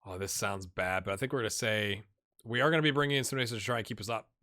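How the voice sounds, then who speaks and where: A man's voice: on the low side, quick pace, pushed and bright. A man hosting a gaming channel, giving casual gameplay commentary, chatty and muttering asides to himself.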